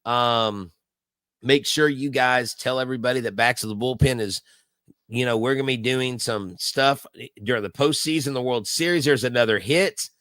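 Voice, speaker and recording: A man's voice: medium pitch, normal speed, a bit bright, clean tone, no echo. A man hosting a casual live baseball watch-along, telling stories in a rambling way full of fillers and restarts. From Houston area. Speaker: live stream host.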